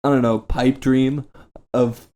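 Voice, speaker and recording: A man's voice: mid-range voice, level tone, slow, warm tone. A young man hosting a casual podcast chat, joking crudely and swearing often. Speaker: podcast host.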